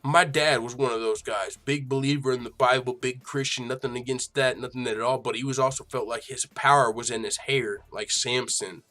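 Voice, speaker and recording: A man's voice: medium pitch, fairly even intonation, moderate pace, few pauses, pushed and bright, soft background music. A slightly tipsy man hosting a live fight reaction stream, rambling and swearing in casual, boastful talk. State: a little tipsy. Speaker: livestream host reacting to fights.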